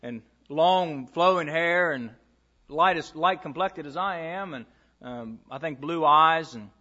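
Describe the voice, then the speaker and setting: A man's voice: on the high side, slow pace, sharp tone, highs cut off. A man preaching a sermon to a congregation, reading scripture aloud and telling stories from his own ministry. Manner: storytelling, reads scripture aloud.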